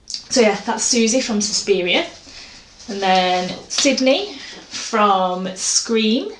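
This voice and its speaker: Taking her time, an artist vlogger chats about her art in an animated, mid-range voice, wandering off on tangents and putting herself down. Echo from the room and faint noise can be heard in the recording.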